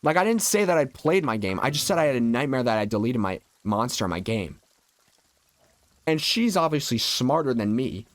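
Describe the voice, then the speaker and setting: A man's voice: medium pitch, very animated, normal speed, no echo. A young adult man streaming a video game, chatting casually and rambling through a childhood story with lots of filler words. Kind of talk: casual storytelling while gaming.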